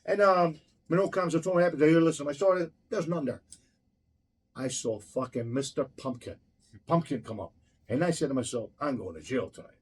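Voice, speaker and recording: Fast-talking husky man, heated and profane. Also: a little high. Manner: blunt, heated, swears constantly, acts out every exchange. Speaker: restaurant owner. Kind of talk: profane anecdotal storytelling in an interview.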